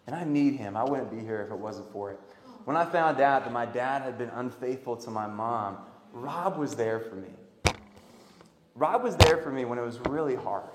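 A man preaching a sermon, swinging from loud emphatic calls to quiet earnest pleas. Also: medium pitch, expressive, moderate pace, a crowd in the background. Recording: echoey hall.

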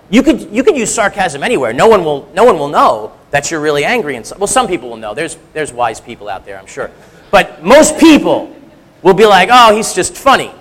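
High-voiced man giving a candid sermon. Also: a bit bright, in a large hall. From three-quarters Sicilian heritage. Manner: candid, self-deprecating, conversational with frequent restarts. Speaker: church speaker. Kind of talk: personal testimony sermon.

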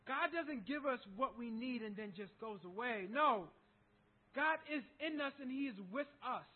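A pastor delivering a sermon in an emphatic manner, building to loud passages. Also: male voice, extremely high pitch, expressive, normal speed. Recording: tinny phone-like recording.

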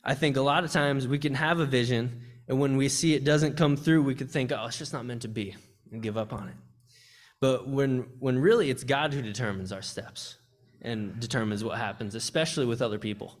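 A man's voice: mid-range voice, a little fast. A young man giving a heartfelt church testimony and sermon, speaking earnestly with frequent restarts. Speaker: campus ministry speaker. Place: church service.

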